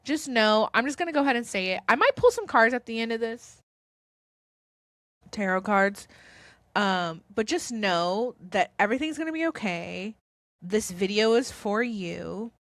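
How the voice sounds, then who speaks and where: A tearful woman vlogger talks to camera about spirituality, earnest and reassuring but rambling. Her voice is a little high and a bit bright, with big pitch swings and a moderate pace, in a dry, studio-quality recording.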